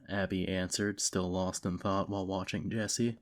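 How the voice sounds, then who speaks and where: A man reading a novel aloud as narrator, in a steady, measured way. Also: low-pitched. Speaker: audiobook reader. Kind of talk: scripted narration.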